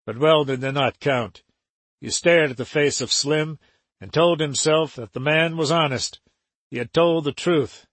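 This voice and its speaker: A man narrating an audiobook in a steady, even reading. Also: mid-range voice, measured pace, no echo. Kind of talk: scripted narration.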